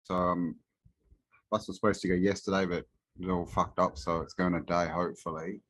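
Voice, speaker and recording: A man's voice: sits low, little pitch movement, a little fast, fairly bright tone. A man, a guest in a casual chat, ranting and swearing freely.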